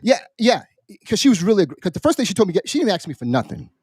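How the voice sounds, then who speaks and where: A man, a military veteran, on a podcast, casually telling a story in an animated, profane way and acting out the people in it. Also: sits high, racing, slightly rough, no room sound, studio quality. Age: adult, military veteran. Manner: animated, profane, acts out quoted voices. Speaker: podcast co-host.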